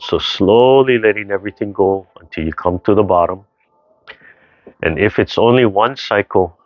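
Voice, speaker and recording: A man teaching a tai chi and qigong class over a video call, talking calmly and unhurriedly, repeating phrases and checking in with the class as he guides their breathing. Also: sits low. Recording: dull lo-fi video call audio.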